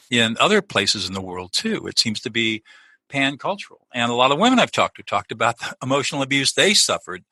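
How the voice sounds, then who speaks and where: A man's voice: mid-range voice, sharp tone, no echo, low-quality recording. A middle-aged man, a lawyer turned peacemaker, explaining his ideas earnestly as a guest in a conversational interview, often restarting his sentences.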